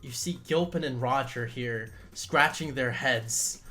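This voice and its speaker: Halting game master narrating. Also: male voice, mid-range voice, bright, forceful tone. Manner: halting, with many fillers and restarts.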